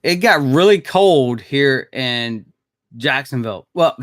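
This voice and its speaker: A man's voice: medium pitch, slow, a bit bright, dry recording, studio quality. A man chatting casually on a live stream with viewers, laid-back and rambling, chuckling often and swearing now and then. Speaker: maintenance worker streaming live. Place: Jacksonville.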